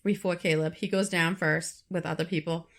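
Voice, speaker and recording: A woman's voice: on the low side, steady tone, normal speed. A woman co-hosting a podcast, casually telling a true story with frequent fillers and restarts. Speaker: podcast co-host.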